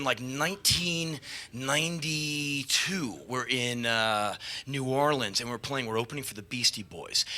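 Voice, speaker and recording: On stage, a man tells a live spoken-word story into a stage microphone, swearing and animated, his mid-range voice jumping to shouts at the peaks.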